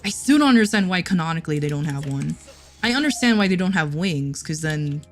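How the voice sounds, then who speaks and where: A woman's voice: low-pitched, expressive, brisk, faint music behind. A woman livestreamer chatting casually with her chat, giggling often and restarting her sentences.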